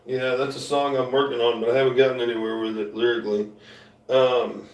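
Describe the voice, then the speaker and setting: A man chatting casually to viewers as a musician, a loud talker who rambles and restarts his sentences. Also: mid-range voice, little pitch movement, brisk. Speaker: musician streaming live. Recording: roomy sound, mic at a distance.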